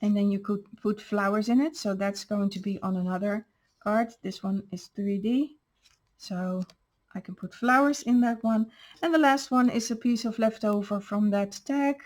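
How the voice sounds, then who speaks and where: A woman's voice: mid-range voice, normal speed, a little mellow. A woman hosting a craft channel, patiently explaining step by step how she made each paper piece. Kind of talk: crafting show-and-tell.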